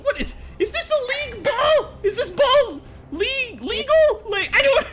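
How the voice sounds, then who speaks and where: A man voicing an excitable little male goblin who stammers and fumbles his words. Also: a little slow, over a noisy crowd, exaggerated voice. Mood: flabbergasted. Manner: squeaky, flustered, stammering.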